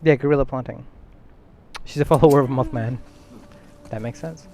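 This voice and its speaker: A man's voice: medium pitch, moderate pace, gravelly, warm tone, soft background music. A man streaming a video game, rambling through casual commentary and thinking aloud to his chat.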